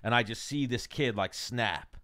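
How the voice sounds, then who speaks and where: A man's voice: medium pitch, moderate pace, pushed and bright. Easygoing young man spinning a bar story. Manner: easygoing, recounts a bar story with quoted dialogue. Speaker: podcast co-host. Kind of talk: casual chat.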